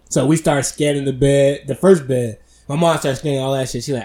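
A man telling a profane, animated story in casual chat, laughing along as he goes. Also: fairly high pitch, fast, few pauses.

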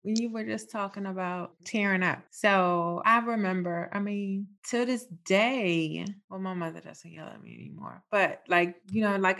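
Middle-aged woman, easygoing chatter, mid-range voice. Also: medium pitch. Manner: chatty and relaxed, with many fillers and light laughter. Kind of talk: casual conversation.

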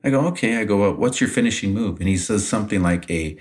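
A man co-hosting a podcast, telling a backstage anecdote in a casual, animated way and laughing often. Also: on the low side, quick pace. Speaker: podcast co-host, retired wrestler. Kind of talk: casual storytelling.

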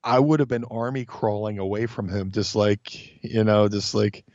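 Animated swearing man telling stories. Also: fairly low pitch, normal speed, no echo. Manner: animated, swears a lot, acts out voices in stories. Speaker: podcast guest. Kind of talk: casual storytelling chat. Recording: dull lo-fi sound.

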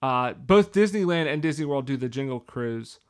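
A man's voice: mid-range voice, animated, normal speed, smooth. A man from the northeastern United States, co-hosting a casual podcast and asking follow-up questions. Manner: conversational, asks follow-up questions. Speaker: podcast co-host. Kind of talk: casual chat.

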